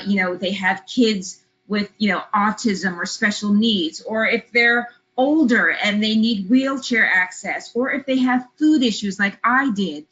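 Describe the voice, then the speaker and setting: A woman's voice: medium pitch, a bit bright, dull audio. A woman leads a travel business webinar and tells a personal story to make a point, chatting with lots of fillers. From California. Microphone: webinar computer mic.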